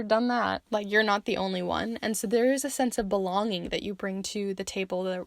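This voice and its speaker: A woman's voice: medium pitch, darkish tone, no room sound, clean studio sound. A young woman giving a chatty tarot reading, full of fillers, who says she is losing her voice. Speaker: tarot reader.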